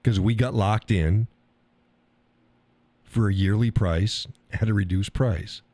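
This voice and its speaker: A man's voice: lowish voice, slow pace, a little mellow, dry recording. A middle-aged American man hosting a live stream, ranting casually in a profane, rambling way and mocking other people's words. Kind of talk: casual storytelling rant.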